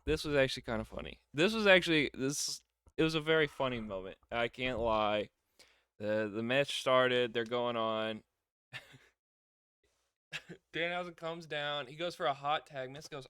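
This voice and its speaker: A young man giving a casual wrestling show review, chatty and quick to laugh, acting out what people said. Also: a little high, bright, forceful tone, clear, resonant tone. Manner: chatty, laughs often, acts out quotes.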